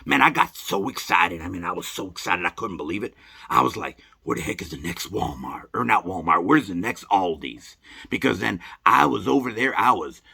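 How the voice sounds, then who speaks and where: Folksy middle-aged male storyteller, rambling and animated, with a sharp, forceful edge to his gravelly voice. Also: deep voice, moderate pace. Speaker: host. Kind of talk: casual nostalgic storytelling.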